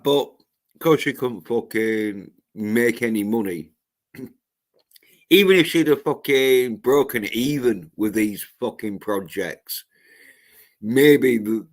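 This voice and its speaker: A man's voice: mid-range voice, a little mellow. A man ranting on his own livestream, swearing heavily and often stopping to restart his sentences. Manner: profane, ranting, halting with restarts. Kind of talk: solo livestream rant.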